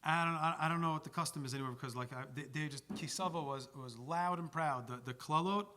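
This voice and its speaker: A man giving a Torah class as a rabbi, telling stories in an animated, chatty way and sprinkling in Yiddish and Hebrew words. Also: on the high side, fast, slight background noise. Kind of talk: Torah lecture with storytelling.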